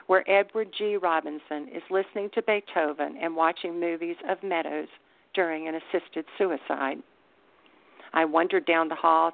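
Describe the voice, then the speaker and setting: A woman author reads her own first-person story with wry, deadpan humor. Her voice is low and gravelly. The sound is dry and thin, like a phone line. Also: no echo. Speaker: author reading her book.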